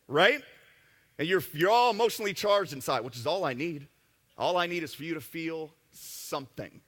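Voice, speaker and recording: A man giving a live marketing seminar talk to an audience, joking and brash, tossing quick asides to the crowd. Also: a little high, lively intonation, fairly bright tone, in a large hall. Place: event room with an audience.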